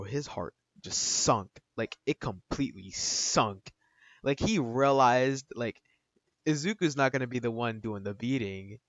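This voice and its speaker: A man rambles through a fan-fiction story in loose, slangy talk full of fillers. His voice is mid-pitched, and the recording is muffled and lo-fi with a dry, close sound. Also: a bit bright, dry recording. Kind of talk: casual fan-fiction retelling.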